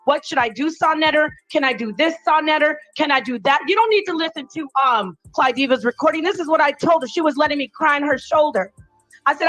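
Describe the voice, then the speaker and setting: A woman's voice: high-pitched, fairly bright tone. A woman ranting angrily on a live stream, profane and confrontational. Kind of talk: heated live-stream rant.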